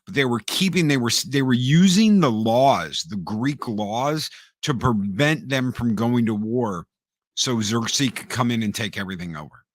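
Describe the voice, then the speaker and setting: A man co-hosting a casual podcast chat, an animated storyteller who repeats words and acts out quotes. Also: mid-range voice, measured pace, dry recording, clean studio sound. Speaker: podcast co-host.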